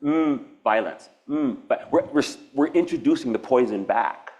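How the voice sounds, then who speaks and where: A man's voice: mid-range voice, expressive, normal speed, a little mellow, highs cut off. A man from Hawaii giving a public artist talk, reflective and earnest, wandering between thoughts with restarts and laughs. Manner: meandering, nonlinear, with frequent restarts and laughs. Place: university event space.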